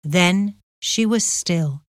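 Woman reading a story aloud, slow and measured, dry close sound. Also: on the low side, no echo. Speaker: narrator. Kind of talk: storybook narration.

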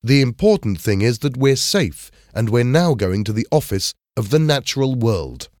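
A man's voice: medium pitch, sing-song, moderate pace, a little mellow, no room sound, studio quality, pitched above the performer's own voice, natural voice. A man voicing a resourceful teenage schoolboy who speaks with earnest urgency.

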